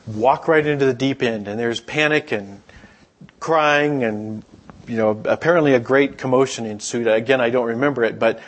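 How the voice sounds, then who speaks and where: A middle-aged man preaching in an easygoing, storytelling way, his voice a little husky and sitting at an ordinary pitch. He slips into the voices of the people in his stories, chatting with the listeners rather than lecturing them. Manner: conversational storytelling, acts out quoted voices. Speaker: pastor. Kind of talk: sermon.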